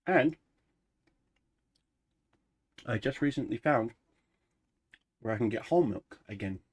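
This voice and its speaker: A man chatting casually through a life update for his gaming channel, rambling and relaxed, pausing to snack. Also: lowish voice, breathy edge. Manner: rambling, relaxed, eating snacks while talking. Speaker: gaming YouTuber.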